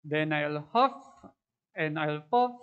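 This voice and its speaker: A woman voicing a snarling, menacing big bad male wolf in a read-aloud storybook, with a drawn-out growl. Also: deep voice, lively intonation, clean tone, phone-quality sound, pitched below the performer's own voice.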